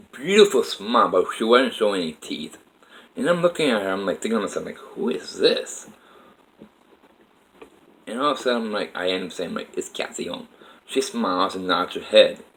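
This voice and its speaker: A man's voice: lowish voice, a bit bright, low-quality recording. A man telling a personal life story to camera in a rambling, emotional way, with frequent restarts.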